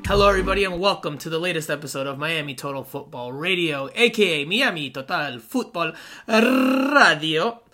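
Male podcast co-host, bright and slightly high voice, upbeat and jokey, casual sports talk. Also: expressive, moderate pace, soft background music. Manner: upbeat, jokey, laughs often.

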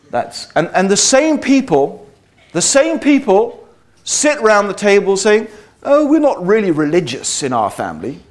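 A man giving a public talk to a live audience, conversational and wry, often checking in with "okay?" and "right?". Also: sits high. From Britain. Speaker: speaker addressing an audience.

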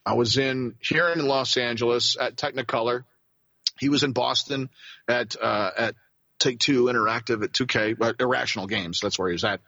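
A man who works as a voice actor, telling a rambling, animated story as a guest in a casual interview. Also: medium pitch, normal speed, creaky, no room sound, highs cut off.

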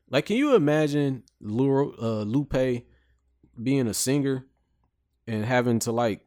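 A man's voice: medium pitch, a little mellow, dry recording, clean studio sound. A man co-hosting a casual podcast chat, laid-back, often asking "you know what I'm saying.". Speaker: podcast co-host.

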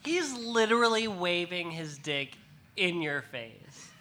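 A woman's voice: on the low side, animated, slow, sharp tone, exaggerated voice. A woman doing a catty, snappy teen girl. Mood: snarky. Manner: snappy, sarcastic. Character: catty rich teenage girl. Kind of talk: comedic table read.

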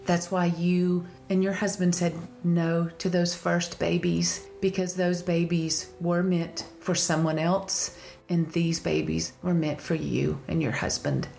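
A woman's voice: fairly low pitch, flat delivery, unhurried, creaky, darkish tone. A woman with a Southern country accent hosting a casual faith-based podcast, laughing often and telling stories with animation. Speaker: podcast host.

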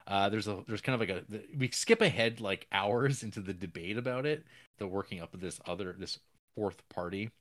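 A deep-voiced man talks through a film's plot on a podcast, rambling and restarting, and now and then slips into the characters' lines. His voice sits close and dry on the mic, with no room sound around it. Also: fairly bright tone, no echo. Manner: rambling, many fillers and restarts; acts out characters' lines in quick asides. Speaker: podcast co-host. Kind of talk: casual film recap. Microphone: podcast microphone.

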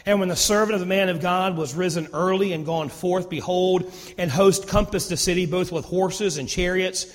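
A man's voice: high-pitched, fairly even intonation, normal speed. A man preaching a sermon as pastor, reading scripture and then retelling it in casual modern terms. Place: church sanctuary. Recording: long reverb of a church hall.

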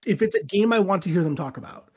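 A man's voice: high-pitched, expressive, fast, breathy edge. A man co-hosting a podcast in casual chat, losing his voice, rambling and restarting his sentences. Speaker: podcast co-host.

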